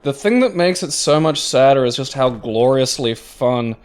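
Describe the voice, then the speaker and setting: A man's voice: mid-range voice, expressive, normal speed, a little mellow, smooth. Sweary man chatting over gameplay. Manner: swears freely, rambling, mutters while playing. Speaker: let's play host. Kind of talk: casual chat over gameplay.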